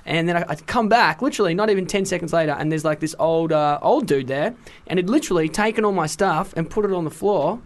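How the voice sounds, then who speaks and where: A man co-hosts a casual radio show, his voice sitting a little high for a man. He talks in a chatty, animated way, spinning everyday stories on a studio mic. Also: fast talker, hardly any pauses. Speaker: radio host.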